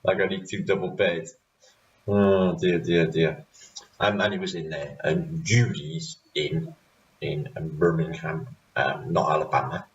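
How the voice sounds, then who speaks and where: Welsh man, low voice, roomy dull recording. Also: a little slow. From Wales. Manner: chatty, rambling, laughs a lot. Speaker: channel host. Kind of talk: casual vlog recap. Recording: roomy, distant, dull sound.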